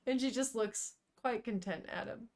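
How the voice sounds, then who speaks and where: A woman's voice: on the high side, normal speed, creaky, a little mellow. A woman streamer reading a manga aloud and chatting casually with her viewers, laughing often and swearing now and then.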